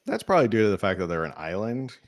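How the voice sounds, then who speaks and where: A man's voice: lowish voice, big pitch swings, fast. A man co-hosting a podcast, talking through the week's politics in a dry, wry way. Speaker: podcast co-host. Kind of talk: casual political chat.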